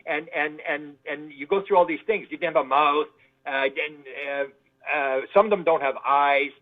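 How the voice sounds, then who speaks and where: A man's voice: on the high side, moderate pace. A man, a guest in an interview, telling stories in a rambling way, often repeating words. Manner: rambling, repeats words, acts out quoted voices. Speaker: guest researcher. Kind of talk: casual interview storytelling. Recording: tinny phone line.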